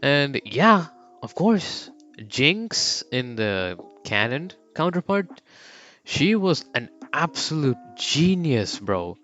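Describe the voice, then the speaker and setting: A man's voice: on the high side, very animated, slow pace, a bit bright, lo-fi sound, soft background music. A young man casually narrating a fan story, slangy and rambling.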